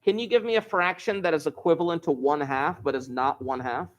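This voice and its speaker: A math teacher with a slightly high voice talks a little fast while teaching algebra in a live online class. He walks through the steps, joking and chatting with his students.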